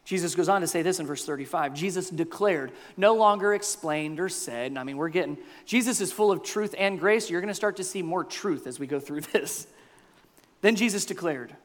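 A man preaching a sermon as pastor, animated, acting out the crowd and Jesus in quoted voices. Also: fairly high pitch, a little fast. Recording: long hall reverb.

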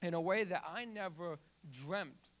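A man's voice: sits high, lively intonation, unhurried, a bit bright. A young man with a stutter telling his personal testimony, often restarting words and telling the story with animation. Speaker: youth ministry volunteer.

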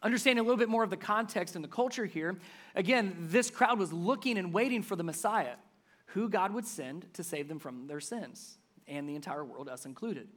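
A pastor giving a sermon in a conversational, emphatic way. The voice swings between loud stressed words and soft, low asides. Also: brisk.

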